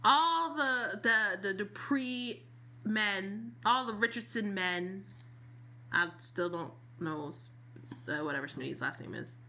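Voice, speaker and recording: A woman co-hosting a chatty podcast, telling stories with lively acted-out quotes and frequent laughs. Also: medium pitch, takes it slowly, creaky. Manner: animated storytelling, laughs often, acts out quotes. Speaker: podcast co-host. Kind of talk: casual chat.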